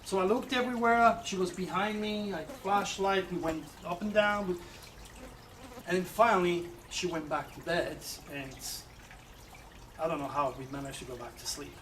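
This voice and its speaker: A man telling a personal story in an animated way, with halting restarts. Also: high-pitched, far from the mic, a little hiss or hum, poor audio. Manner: animated, acts out quoted voices, halting restarts. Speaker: astrologer telling his own story.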